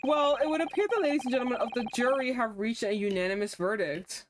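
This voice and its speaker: Woman putting on a low stern old judge. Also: quick pace, noisy background, lightly acted. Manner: gravely formal pronouncements. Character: stern elderly male courtroom judge.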